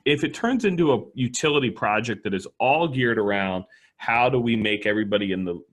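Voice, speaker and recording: A man's voice: medium pitch, expressive, brisk. A man co-hosting a podcast who chats casually and tells wry anecdotes. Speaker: podcast co-host. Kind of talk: casual conversational chat.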